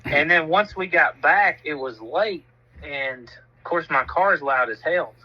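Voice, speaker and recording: A man's voice: a little high, a little slow, lo-fi sound. Laid-back man telling a story. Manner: laid-back, laughs at himself, swears freely. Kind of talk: casual storytelling chat.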